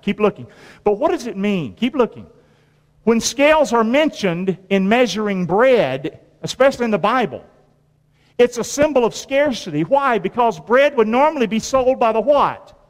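A male preacher delivering a colloquial sermon, quizzing his congregation with call-and-response questions and repeating phrases for emphasis. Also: high-pitched. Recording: long reverb of a large hall.

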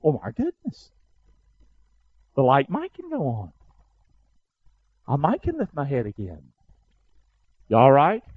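A man preaching a sermon in church, calling out to the congregation and rising to loud, fervent peaks. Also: medium pitch, wildly swooping pitch, slow, pauses often, breathy edge, no echo, phone-quality sound. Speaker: pastor.

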